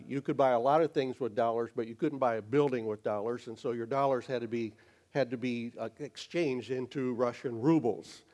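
Male pastor, mid-pitched, folksy storytelling sermon with halting restarts. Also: a little mellow. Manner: conversational, halting with frequent fillers and restarts.

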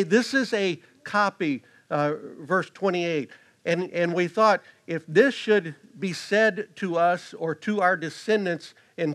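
Male pastor, higher voice, earnest sermon delivery, stresses key lines. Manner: earnest, with restarts and rising emphasis on key phrases.

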